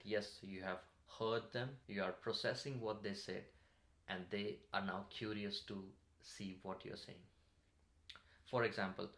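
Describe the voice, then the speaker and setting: A man coaching English speaking skills in a calm, measured tutorial to camera. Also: lowish voice, gravelly. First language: Marathi. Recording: roomy echo.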